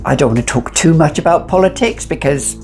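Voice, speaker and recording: A woman's voice: low-pitched, fairly quick, a little mellow, faint music behind. A middle-aged woman chatting casually and with strong opinions as she reviews a fragrance. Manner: chatty, opinionated, sassy asides.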